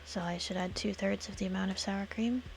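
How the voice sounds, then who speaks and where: A woman's voice: medium pitch, fairly even intonation, a little fast, gravelly, a little hiss or hum. A woman streamer chatting casually while playing a game, thinking aloud and murmuring to herself.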